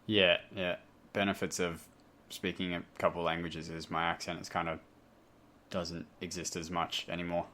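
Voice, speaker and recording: A man's voice: low voice, level tone, normal speed, sharp tone, a little hiss or hum. A man with a light Australian accent hosting a podcast, chatting casually and rambling off on self-deprecating tangents. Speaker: podcast host. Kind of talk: casual chat. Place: home, talking over a voice call.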